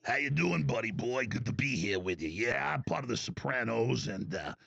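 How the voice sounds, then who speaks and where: A swaggering New York mobster, gruff and gravelly, with a thick New York accent, as a man puts him on. His voice sits low and rough, and the audio is dull and lo-fi. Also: expressive, normal speed, a bit bright, exaggerated voice. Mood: tough swagger.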